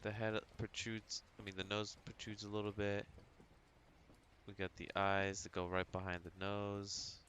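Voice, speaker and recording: A man on a livestream talking through his drawing steps in a relaxed, chatty way, thinking aloud and humming to himself at a home computer. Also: lowish voice, unhurried, a little hiss or hum. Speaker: livestreaming artist. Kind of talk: casual tutorial narration while drawing.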